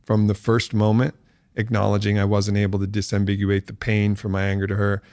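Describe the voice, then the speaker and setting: A man's voice: fairly low pitch, completely flat delivery, fairly quick, a little mellow, no echo, studio quality. A man on a podcast as guest, telling stories casually and reflectively, often breaking into laughter. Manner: reflective, uses many fillers. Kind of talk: casual storytelling.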